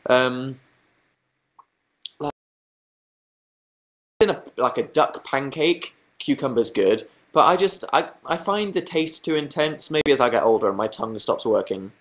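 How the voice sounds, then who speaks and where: Pausing often at a measured pace, a young male streamer talks casually and self-deprecatingly, reading chat messages aloud as he rambles. His medium-pitched voice is animated and slightly bright.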